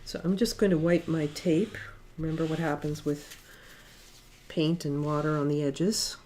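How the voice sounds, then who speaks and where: Middle-aged woman, art teacher demoing watercolor, low-ish voice, easygoing and chatty, light room noise. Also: unhurried. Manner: relaxed and chatty, thinks aloud with fillers. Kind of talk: casual painting demonstration.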